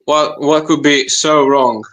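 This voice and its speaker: A man's voice: fairly high pitch, steady tone, fairly bright tone, poor audio. A man on a podcast panel who talks in short, hesitant bursts and repeats his words. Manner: hesitant, halting, repeats himself. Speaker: panel guest. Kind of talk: casual podcast chat.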